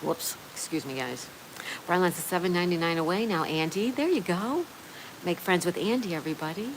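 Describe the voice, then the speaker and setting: A woman's voice: lowish voice, animated, fairly quick, background noise. Chatty woman reading live chat. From Florida. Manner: chatty, reads out viewer names and messages. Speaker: livestream host. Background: rain ambience.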